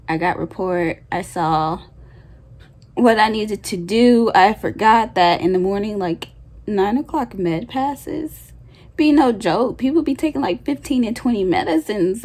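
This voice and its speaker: A woman's voice: medium pitch, a little mellow. Young woman vlogger, casual and emotional, mid-range voice, lots of "like". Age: young adult. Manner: chatty, emotional, frequent "like" fillers. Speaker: new grad nurse vlogger. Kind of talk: casual storytime vlog.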